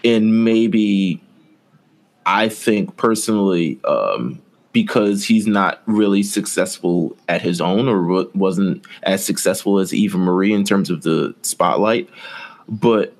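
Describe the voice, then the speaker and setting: A man's voice: sits low, slow pace. A man co-hosting a wrestling podcast, giving emphatic opinions in casual chat and repeating himself for effect. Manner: emphatic, repetitive, animated opinions. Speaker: podcast co-host.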